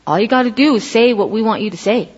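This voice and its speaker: Husky woman preaching in a hall. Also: a little high, fast talker. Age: middle-aged. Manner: animated storytelling, acts out quoted voices. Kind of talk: casual sermon. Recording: dull lo-fi audio in a reverberant hall.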